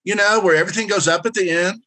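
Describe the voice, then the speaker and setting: Man, workshop presenter, bright voice, direct, instructive, encouraging. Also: sits high, fast talker. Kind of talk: interactive workshop lecture.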